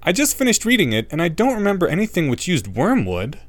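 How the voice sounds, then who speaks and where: A man doing a high, indignant young boy. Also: wildly swooping pitch, fast talker, no room sound, exaggerated voice. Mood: cheeky. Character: excitable clever eleven-year-old boy wizard.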